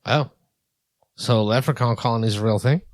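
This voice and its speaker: A man in easy podcast banter, mid-pitched and relaxed. He jokes around, laughs a lot and drops casual swears. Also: a little fast, no room sound, clean studio sound. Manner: laughing, joking, swears freely. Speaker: podcast co-host. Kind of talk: casual chat.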